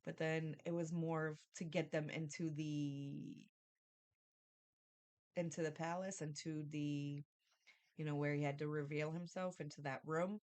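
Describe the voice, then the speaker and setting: A woman's voice: low-pitched, flat delivery, unhurried, darkish tone, smooth. A woman giving a casual, rambling Bible study review, thinking aloud and often asking "right?".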